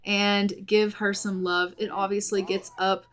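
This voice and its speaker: A woman's voice: mid-range voice, level tone, unhurried. A woman giving casual, chatty let's play commentary on a life-sim game, doting on the characters. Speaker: gaming channel host.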